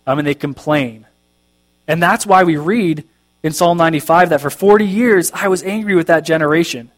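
A pastor preaching a conversational sermon, reading scripture aloud and making self-deprecating jokes. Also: male voice, a little high.

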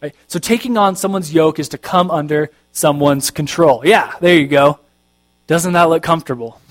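A pastor preaching a conversational sermon, reading scripture aloud and making self-deprecating jokes. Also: male voice, fairly high pitch, moderate pace.

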